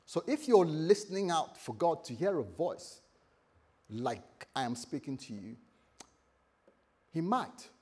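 A man preaching a morning sermon as pastor, repeating phrases and swinging between loud and soft. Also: a little high, breathy edge. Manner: lively, repetitive preaching with sudden loud and soft turns.

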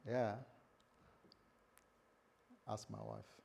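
Male pastor, husky tone, animated sermon delivery with hushed lows and loud peaks, speaks his own inner voice aloud. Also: takes it slowly, long pauses. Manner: animated preaching, jumps from quiet low lines to loud high bursts; acts out his own inner voice in quoted asides. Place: church service before a congregation.

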